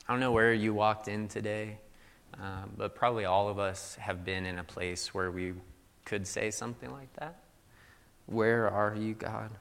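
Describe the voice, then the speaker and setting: A man's voice: fairly low pitch, fairly even intonation, a little slow, vocal fry, fairly bright tone, long reverb tail. A young adult man from Missouri giving a sermon in a loose, conversational storytelling way, full of "like" fillers. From Missouri, USA. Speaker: pastor.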